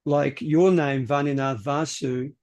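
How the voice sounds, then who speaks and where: A man with an Australian accent, chatting casually on a video call and explaining things slowly with examples. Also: on the high side. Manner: relaxed, explains with examples, repeats words. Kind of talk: casual chat.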